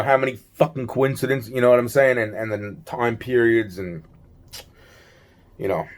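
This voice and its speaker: Low-voiced man ranting, profane and rambling. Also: a little mellow. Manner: rambling, heavily profane, many restarts and fillers; agitated, worn out. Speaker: vlogger. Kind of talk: rambling solo video monologue.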